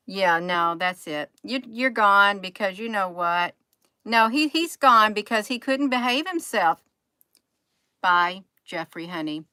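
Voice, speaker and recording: Woman streamer, talkative and scolding, bright tone, dry sound. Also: mid-range voice, dry recording. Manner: chatty, scolding, says "you all" often. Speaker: livestream host. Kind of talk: casual chat with viewers.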